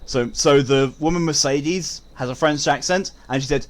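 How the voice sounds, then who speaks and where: A man's voice: on the high side, normal speed. A young man streaming a game, joking crudely and reading out chat. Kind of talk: casual live-stream chat.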